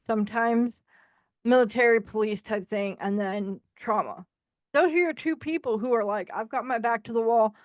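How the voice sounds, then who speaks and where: Frank, animated woman in a dry podcast. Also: medium pitch, dry recording. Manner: frank and animated, acting out quoted voices. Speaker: podcast co-host. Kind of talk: candid conversational storytelling.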